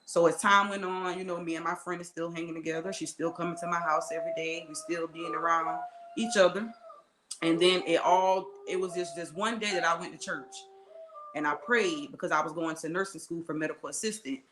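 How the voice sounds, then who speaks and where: A woman's voice: fairly low pitch, fairly even intonation, a little fast, echoey room, background noise. A woman guest telling her life story in an earnest, conversational way, with many asides and acted-out quotes. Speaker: interview guest.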